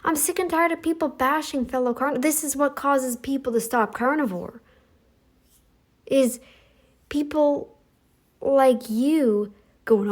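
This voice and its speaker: A middle-aged woman hosting a commentary channel, talking in a sassy, scolding monologue aimed at her critics. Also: measured pace. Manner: sassy, scolding, mocks others in high voices.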